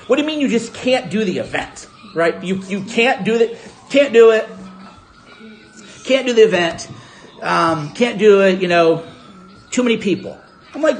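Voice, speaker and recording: A man casually recounting a story to his audience, acting out both sides of an argument with animated delivery. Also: high voice, a little slow. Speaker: host.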